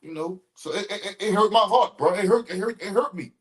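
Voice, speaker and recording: A man's voice: sits high, fairly quick, distant mic. A man hosting a podcast, telling brash, profane street stories and repeating words when worked up. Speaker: podcast host. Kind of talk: casual street storytelling.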